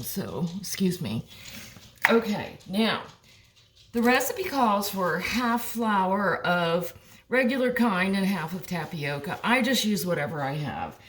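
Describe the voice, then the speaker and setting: A woman's voice: lowish voice, slight background noise. An older woman giving a chatty, encouraging cooking demonstration at home, talking to viewers and her dog. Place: home kitchen. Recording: echoey kitchen, mic far off, clattering pots. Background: dishes and pans clattering.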